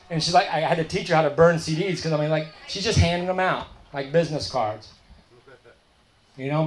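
A middle-aged man, sharing his recovery story at a meeting and telling it as a story, dropping his voice low and soft when he quotes others. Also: echoey room. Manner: storytelling, quoting others in a softer, lower voice.

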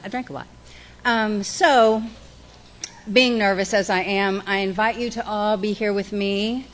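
A middle-aged woman, speaking candidly and folksily about her recovery and guiding a group through slow breaths. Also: medium pitch, fairly even intonation. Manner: candid, self-deprecating, folksy. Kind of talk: personal recovery talk with guided breathing.

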